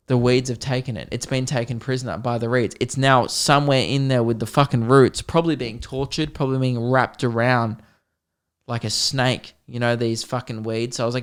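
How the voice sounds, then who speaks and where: A man hosts a podcast and spins a comedic story. He talks in an animated, swearing, mock-dramatic way. His voice sits at a middle pitch. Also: clear, resonant tone. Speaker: podcast host.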